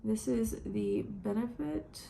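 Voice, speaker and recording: A young woman, a beauty vlogger, does her makeup at home in a casual get-ready-with-me chat, rambling emotionally and tearing up, close to crying. Her voice sits on the high side with vocal fry and a dark tone, she speaks slowly, and there's a little hiss or hum.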